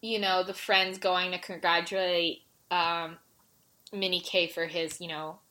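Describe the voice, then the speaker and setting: A woman's voice: fairly low pitch, flat delivery, a little slow, sharp tone. Woman co-host, casual recap chat, emotional and gushing, filler-heavy delivery. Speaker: podcast co-host.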